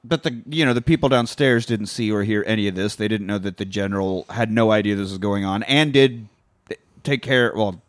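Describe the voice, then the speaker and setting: A man casually retelling a movie plot on a podcast, swearing often and animated. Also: fairly low pitch, a little fast, no echo. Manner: profane, animated retelling with acted quotes. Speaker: podcast co-host. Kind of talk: casual movie recap chat.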